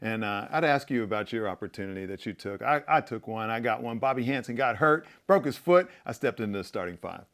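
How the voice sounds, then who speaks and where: A man hosting a casual basketball chat show, a former player with a relaxed, easygoing way of talking. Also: lowish voice, brisk, few pauses.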